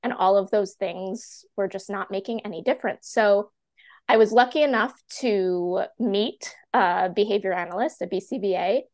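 A woman in her thirties, a teacher and classroom coach, telling her story as a podcast guest in a chatty, animated way full of "like" fillers. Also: medium pitch, moderate pace. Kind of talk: candid personal storytelling in a podcast interview.

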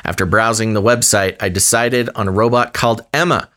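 A man's voice: on the low side, steady tone, brisk, a bit bright. Male podcast co-host, wry and joking, reading a story with asides. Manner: wry, joking, laughs often while reading. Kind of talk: casual podcast chat, reading a news story aloud.

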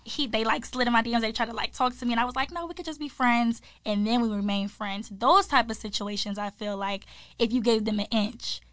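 A woman in her twenties co-hosting a podcast, telling stories in relaxed casual chat and filling her sentences with "like.". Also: a little high, fairly quick, dry recording. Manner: chatty storyteller, leans on "like" as filler. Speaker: podcast co-host.

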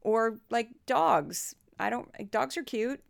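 A woman's voice: a little high, expressive, takes it slowly, creaky. A middle-aged woman from the US Midwest hosting a podcast. She talks in a chatty, casual way, with wry and self-deprecating asides. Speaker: podcast host.

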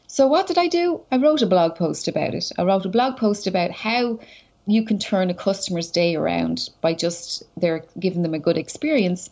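An Irish woman with a mid-pitched voice chats as a podcast guest, spilling one anecdote after another with plenty of "like" and "you know". Her talk is lively and informal. The audio sounds a little dull and lo-fi. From Ireland. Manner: chatty and animated, telling anecdotes with lots of "like" and "you know". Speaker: guest, social media entrepreneur. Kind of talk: casual conversational storytelling.

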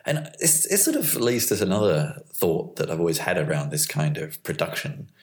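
A man's voice: deep voice, very animated, normal speed, a little mellow. A middle-aged man, talking casually in a reflective, hesitant monologue full of restarts. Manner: hesitant, thinks aloud with restarts and fillers. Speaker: vlogger.

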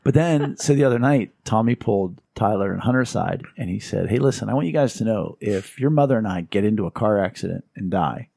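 A man hosting a podcast, chatting casually and telling stories with wry humor, slipping into lively quoted voices. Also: fairly low pitch, fairly quick, vocal fry, few pauses, breathy edge, no room sound, clean studio sound. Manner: storytelling, wry humor, animated quoting. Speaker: podcast host. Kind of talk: casual chat.

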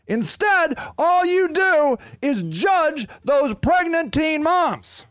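A man hosting his own podcast, ranting in a profane, fiery way that swings from loud outbursts to low, muttered growls. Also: takes it slowly, no echo. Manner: animated, ranting. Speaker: podcast host. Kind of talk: solo podcast rant.

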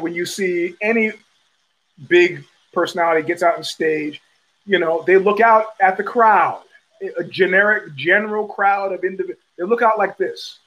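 A man's voice: high voice, a bit bright, poor audio. A middle-aged man hosting a podcast, talking in a profane, rambling casual monologue full of restarts. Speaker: podcast host.

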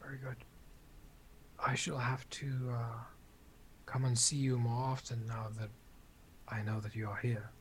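A man role-playing his character at a tabletop game in a measured, formal, stiff way. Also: medium pitch, little pitch movement, a little hiss or hum. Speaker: player.

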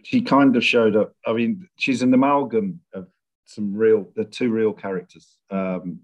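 Lowish and steady in tone, a middle-aged screenwriter speaks thoughtfully during a conversational interview. He's measured and often searches for his words.

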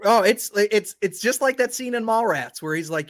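A man's voice: high voice, brisk, hardly any pauses, a bit bright. A man hosting a podcast, bantering and joking with his co-host in casual chat.

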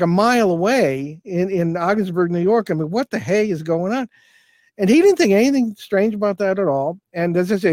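An older man talks through a strange experience, circling back with fillers and restarts as he goes. His voice sits a little high. The sound is dry and close. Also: a little mellow, no room sound. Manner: rambling, many fillers and restarts. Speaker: paranormal investigator guest. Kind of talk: storytelling in an interview.

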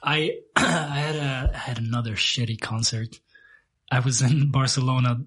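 A man hosts a podcast, chatting in an easygoing, loose way and often trailing off mid-thought. His voice is a little husky, sitting at a middle pitch. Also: fairly even intonation, normal speed, fairly bright tone. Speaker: podcast host. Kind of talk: casual chat.

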